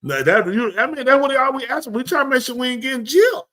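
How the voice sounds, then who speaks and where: A man's voice: very high-pitched, very animated, quick pace, pushed and bright. A man hosting a live comedy show, riffing loosely and acting out both sides of a conversation in slang for the audience. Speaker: comedic talk show host.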